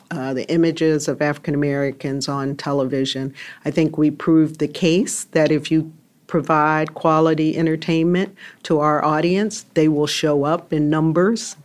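A woman in her sixties, a television executive, giving thoughtful interview answers with some pauses. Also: low voice. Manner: thoughtful, many fillers.

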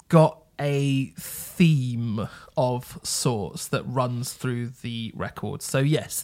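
A man co-hosting a podcast, chatting casually and hesitantly, with frequent ums and restarts. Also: medium pitch. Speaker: podcast co-host reviewing albums. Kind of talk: casual chat.

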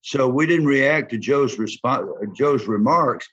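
An older man with a Southern accent, a former football player telling folksy, animated stories in an interview. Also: mid-range voice, slow, slightly rough. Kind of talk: storytelling interview. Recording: dull lo-fi sound.

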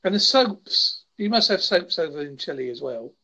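A man's voice: fairly high pitch, big pitch swings, moderate pace, bright, forceful tone. Man, from England, casual chat, jokey, does goofy voices, muffled lo-fi audio. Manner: jokey, slips into silly voices and impressions.

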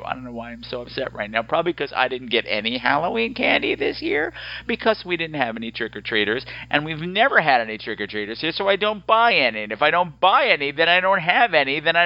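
Animated sarcastic male podcast host. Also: fairly high pitch, fast talker, dry recording, muffled recording. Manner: animated, sarcastic, joking rants. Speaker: podcast host reading listener voicemails. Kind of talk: casual podcast chat.

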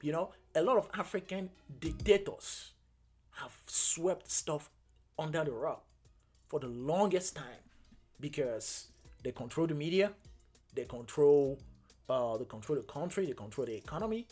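A young adult man hosting a casual solo podcast, earnest and halting, with many fillers and restarts. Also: on the high side, expressive, darkish tone, faint music behind. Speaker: podcast host.

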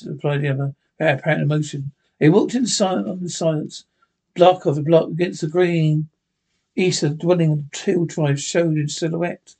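A man reading a classic story aloud in an unhurried way, with occasional stumbles. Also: a little high, fairly even intonation, darkish tone, breathy edge. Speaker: narrator.

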